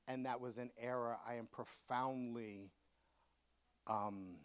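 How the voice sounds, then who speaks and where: A man who is an author, telling comic stories to a live audience at a museum event in an animated, campy way and acting out the voices. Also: mid-range voice, takes it slowly, clean tone. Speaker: author giving a book talk.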